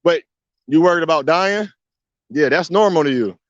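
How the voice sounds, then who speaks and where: Male monologuist, slightly high voice, emphatic and repetitive, heavy on rhetorical questions; muffled lo-fi capture. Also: animated, moderate pace, dry recording. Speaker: video commentator. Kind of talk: casual spoken monologue. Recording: dull, muffled dry recording.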